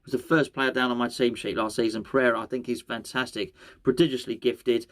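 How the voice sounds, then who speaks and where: A man's voice: mid-range voice, flat delivery, brisk, fairly bright tone. A man hosting a football podcast, talking casually on his own, rambling and correcting himself as he goes. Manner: rambling, self-correcting, repeats words. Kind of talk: casual solo football chat.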